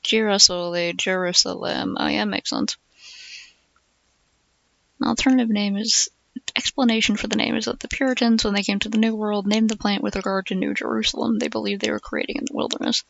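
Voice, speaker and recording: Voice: medium pitch, little pitch movement, brisk, creaky, a bit bright, highs cut off, slight background noise. A streamer chatting casually and reading aloud, musing with lots of fillers and hums.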